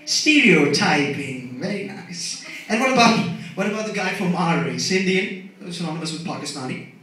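A young man doing a stand-up comedy set, animated and sarcastic as he rants. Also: high voice, a little fast. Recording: echoey, distant, noisy live recording.

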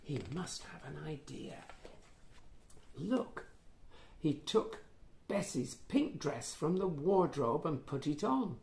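A man reading a children's picture book aloud in a playful, animated way, with gasps and asides to the listener. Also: on the high side, slow, gravelly, pauses often. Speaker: children's storyteller. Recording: echoey room.

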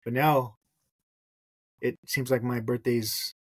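A man's voice: mid-range voice, fairly even intonation, slow, breathy edge. A man hosting a podcast, speaking reflectively and hesitantly, with many ums. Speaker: podcast host. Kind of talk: podcast conversation.

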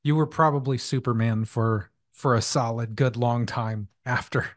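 A man's voice: medium pitch, fairly even intonation, moderate pace. A man hosts a casual podcast interview. He mostly gives short, encouraging reactions to his guest. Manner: brief encouraging replies. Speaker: podcast host.

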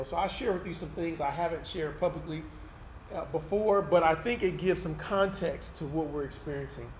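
Male pastor, fairly high voice, conversational testimony sermon, roomy hall with a faint hiss underneath. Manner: candid, conversational, tag questions like "right?". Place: event hall used for Sunday service.

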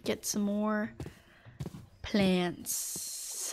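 A fairly high-voiced woman chats through a live gaming stream, rambling from thought to thought. Her talk is loose and filler-heavy, and she breaks into laughter often. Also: lively intonation, normal speed, slight background noise. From United States.

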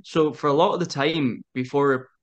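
A man in his twenties, a wrestler guest on a video-call podcast, telling a story in quick animated bursts and laughing often. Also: fairly high pitch, dull audio. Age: 20s. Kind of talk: casual interview chat.

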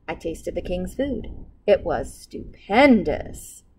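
A woman librarian reading a picture book aloud to children with expressive storytelling. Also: fairly low pitch, slow pace, a little hiss or hum, rough recording.

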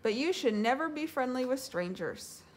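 A woman's voice: high-pitched, expressive, normal speed, a little hiss or hum, pitched above the performer's own voice. A woman voicing a kind, sensible young boy who explains things patiently in a storybook read-aloud.

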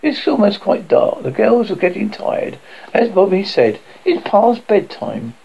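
A man's voice: high voice, big pitch swings, moderate pace, gravelly, husky, muffled recording. A man reading a novel aloud as narrator, often stumbling and correcting himself.

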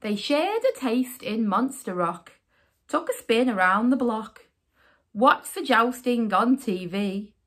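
A woman reading a rhyming children's picture book aloud as a storyteller, with an expressive, sing-song delivery. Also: on the high side, slow.

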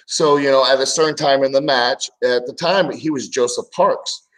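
A man's voice: medium pitch, moderate pace, low-quality recording. A man co-hosting a casual wrestling talk show, telling a story from his wrestling days and acting out the voices in it. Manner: animated storyteller, acts out quoted voices. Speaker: podcast co-host, former wrestler.

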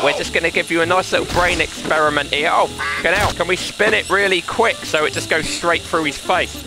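A man hosting a VR gaming video, talking in a brash, laddish banter full of mock threats. His voice sits a little high for a man. Loud music plays behind him. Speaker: gaming channel host. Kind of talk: playful VR gameplay commentary. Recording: gameplay audio with loud music.

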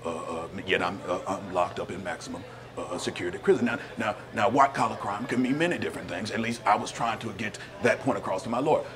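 A man's voice: on the low side, fast, crowd noise, natural voice. A man playing a prison inmate in a sketch comedy monologue, rambling and stammering with indignation.

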